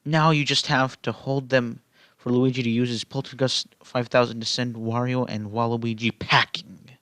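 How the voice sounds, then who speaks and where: A man's voice: mid-range voice, level tone, moderate pace, a bit bright, no room sound, studio quality. A man casually reading fan fiction aloud, rambling into asides full of "you know". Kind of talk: casual read-aloud with commentary.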